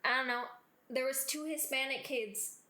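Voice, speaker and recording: A woman with a high voice speaks at a moderate pace in a roomy-sounding space. She's a podcast co-host telling stories in casual chat, animated as she acts out what people said.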